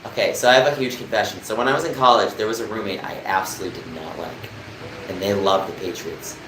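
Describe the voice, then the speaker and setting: A man's voice: fairly low pitch, steady tone, quick pace. Young male streamer from New Jersey, rambling live chat with viewers, echoey room with faint air-con hum. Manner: chatty, rambling, answers chat comments. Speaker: livestreamer.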